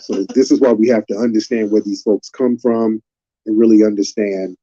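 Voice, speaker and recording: A man's voice: fairly low pitch, steady tone, moderate pace, mellow, dull audio. A man hosting a live stream, lecturing in an emphatic, repetitive way.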